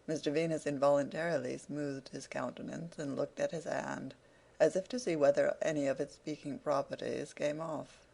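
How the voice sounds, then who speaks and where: A man narrating a classic novel as an audiobook, in a measured, formal storytelling manner. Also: fairly high pitch, fairly even intonation, vocal fry, a little mellow.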